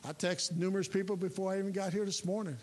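A chaplain preaching a sermon in a folksy, emphatic way, his voice rising to loud peaks. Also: high voice, level tone, fast talker. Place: church sanctuary. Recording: reverberant hall with faint hiss.

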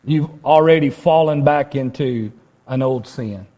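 A man's voice: medium pitch, unhurried, dark tone, highs cut off. A man preaching a sermon to his congregation, conversational and full of rhetorical questions. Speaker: pastor.

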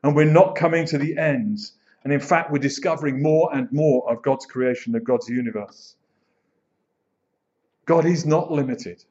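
A man preaching a sermon as pastor, expressive, slowing down to dwell on phrases and telling stories with animation. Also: medium pitch. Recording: dull lo-fi sound.

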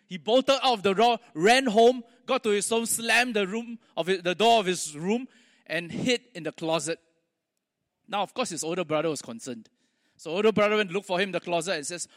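A male pastor preaching a sermon, telling stories with pauses and restarts. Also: high voice, lively intonation, fairly bright tone, in a large hall.

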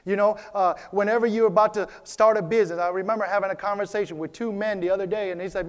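A man's voice: high-pitched, steady tone, fast, few pauses, clear, resonant tone. A man preaching a sermon as pastor of a church, repeating his key phrases and calling out to the congregation for a response. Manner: repetitive, preacherly, calls for response.

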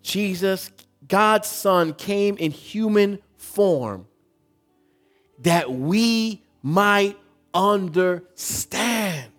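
Preacher, male, high voice, storytelling sermon, questions the congregation, faint music underneath. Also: lively intonation, extremely slow, a bit bright. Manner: asks the congregation questions, builds to emphatic preaching.

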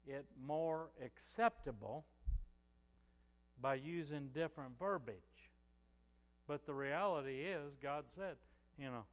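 A man's voice: on the high side, big-room sound. An older man preaching a sermon as pastor, in a conversational way with many "you know" fillers.

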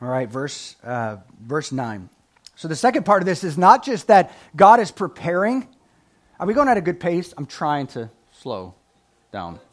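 A man with a high-pitched voice preaches a sermon. His pitch leaps around as he swings from loud, emphatic lines to quiet asides. He reads scripture and laughs at his own jokes. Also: big pitch swings, moderate pace. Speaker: pastor.

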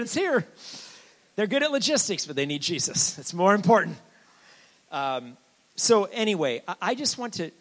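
A man giving a sermon as a guest preacher, conversational and joking, with sudden swings from quiet asides to loud declarations. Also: medium pitch, vocal fry, poor audio. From Sicilian family.

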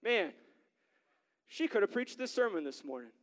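A man's voice: high-pitched, very animated, normal speed. A young man preaching a sermon in a church, telling a family story in a conversational way and building to fervent exhortation. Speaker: pastor. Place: church sanctuary.

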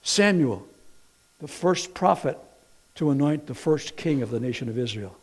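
A middle-aged man preaching a sermon in an animated way, swinging from quiet to loud, telling stories with folksy, playful asides. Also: medium pitch, normal speed. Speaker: pastor.

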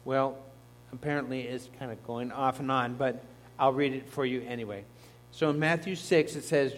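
A man's voice: medium pitch, steady tone, normal speed. A man, a pastor, preaching a sermon in a conversational teaching manner, with asides to the congregation. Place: church.

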